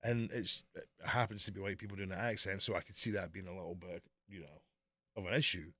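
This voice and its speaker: A man's voice: low voice, steady tone, fast talker, pushed and bright. A middle-aged man co-hosting a podcast, rambling casually, swearing a lot and laughing often. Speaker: podcast co-host. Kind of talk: casual banter.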